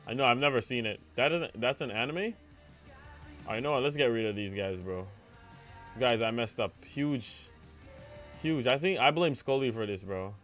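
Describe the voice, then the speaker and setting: A young man commenting on a game as he plays it live, speaking at a middling pitch and addressing his chat the whole way through. He swings easily into loud, excited outbursts when a move fails. Faint music plays quietly beneath his voice. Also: moderate pace, long pauses. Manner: excitable, talks to chat, cries out when things go wrong. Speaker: game streamer.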